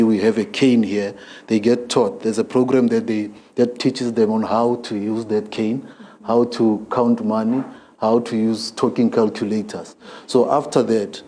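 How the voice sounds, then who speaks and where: A man's voice: fairly low pitch, mellow. Man explaining at a library. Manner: plain explanatory, with restarts. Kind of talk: explaining on a field interview.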